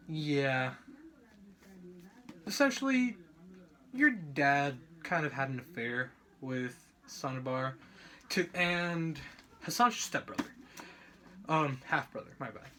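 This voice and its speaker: A young man talks through a book chapter like a student presenter, in a casual, meandering way. His voice sits a little high and sounds bright and forceful. He keeps correcting himself and filling gaps with fillers. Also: animated, takes it slowly, pauses often, slight background noise. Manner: rambling, filler-heavy, self-correcting.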